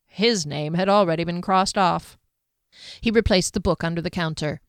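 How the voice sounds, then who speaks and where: A woman's voice: fairly low pitch, normal speed, fairly bright tone, smooth, no echo. Woman reading fantasy, dry close sound. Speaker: audiobook narrator. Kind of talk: scripted fantasy narration.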